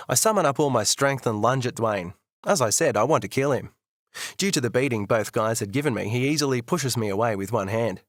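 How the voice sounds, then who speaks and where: A man narrating a first-person audiobook in an expressive, bitter, candid way. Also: medium pitch, fairly quick, no echo, studio quality.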